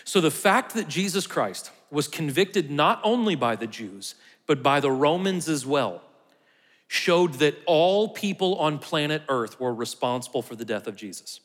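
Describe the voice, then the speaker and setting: A man's voice: on the high side, lively intonation, a little slow, in a large hall. A man preaching a conversational sermon, sometimes dropping to a near whisper for emphasis. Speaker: pastor.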